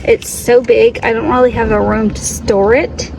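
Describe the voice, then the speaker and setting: A woman's voice: on the high side, little pitch movement, moderate pace, creaky. A young woman chatting casually in her vlog, often slipping into fond baby talk with her dog. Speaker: vlogger. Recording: roomy echo, mic at a distance.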